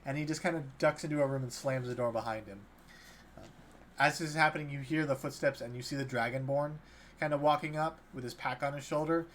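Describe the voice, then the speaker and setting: A man narrating as dungeon master in a relaxed, hesitant way with many fillers. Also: medium pitch, fast talker, slight background noise. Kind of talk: narrating a tabletop game.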